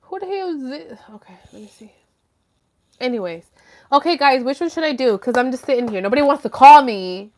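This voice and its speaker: A woman's voice: sits high, expressive, a little fast, darkish tone. Chatty woman hosting a live stream. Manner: chatty, rambling, swears freely. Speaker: livestream host. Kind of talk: casual livestream chat. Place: at home.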